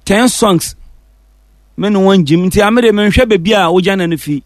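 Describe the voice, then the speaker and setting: A man with a Ghanaian accent, a musician guest telling the story of his songs in a relaxed, casual interview. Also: high voice, moderate pace, dry recording, studio quality. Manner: relaxed storytelling, mixing English and Fante.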